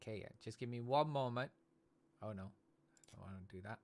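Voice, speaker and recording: A man's voice: mid-range voice, fairly quick, darkish tone. A man from Britain hosting a casual live stream, chatty and tagging "okay?" onto nearly every phrase. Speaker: livestream host and esports commentator.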